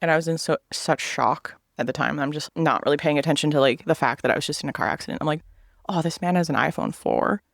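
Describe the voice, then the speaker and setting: In a casual vlog chat, a man in his thirties tells a personal story, cursing freely and acting out what other people said. He talks fast in a creaky, medium-pitched voice, recorded dry at studio quality.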